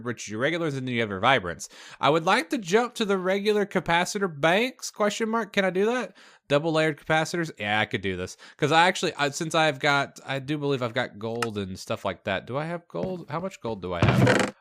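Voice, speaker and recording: Bright and forceful in a mid-range voice, a young man hosts a casual let's play, chatting as he plays. He's upbeat, thinking aloud with fillers and laughs, and his Southern US accent stays mostly hidden.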